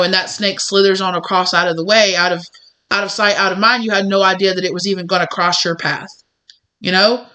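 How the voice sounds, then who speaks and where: A woman's voice: medium pitch, bright, forceful tone. A woman giving a spiritual tarot reading, talking in a rambling, conversational way full of fillers and little acted-out dialogues. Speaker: tarot reader.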